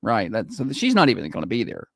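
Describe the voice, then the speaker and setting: Man, morning radio co-host, teasing and jokey, expressive pitch, dry studio mic. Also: fast talker, dry recording. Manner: teasing, playful, often laughing. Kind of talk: casual on-air banter.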